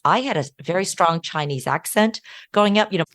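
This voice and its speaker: A woman's voice: on the low side, animated, a little fast, a bit bright, dry recording. A middle-aged woman from the American Midwest, an interview guest recalling her childhood in a candid, anecdotal way. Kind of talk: conversational interview.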